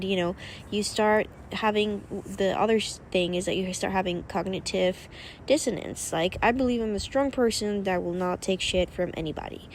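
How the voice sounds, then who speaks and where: A young woman speaks at an ordinary middle pitch in a loose vlog style. She rambles, repeats words and leans on fillers as she talks. A faint hiss of noise sits behind her voice. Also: creaky, a little mellow. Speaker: vlogger and coach. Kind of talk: casual vlog talk.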